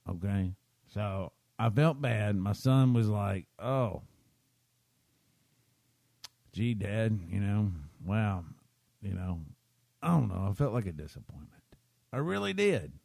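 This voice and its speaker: A man's voice: lowish voice, big pitch swings, normal speed, creaky, mellow, no room sound, studio quality. A man, hosting a podcast and rambling through a self-deprecating story while checking in with his listeners. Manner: chatty, keeps checking in with listeners. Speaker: podcast host.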